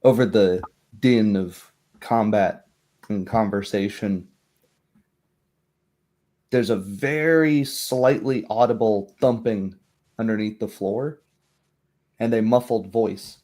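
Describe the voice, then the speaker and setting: Man, game master, slow deliberate narration, mellow low voice. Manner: measured, descriptive narration.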